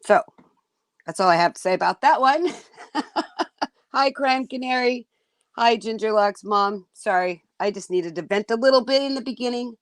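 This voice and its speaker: A woman's voice: fairly high pitch, moderate pace, pauses often, no room sound. A woman hosting a livestream, venting bluntly and indignantly to her chat, cursing now and then. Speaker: livestream host.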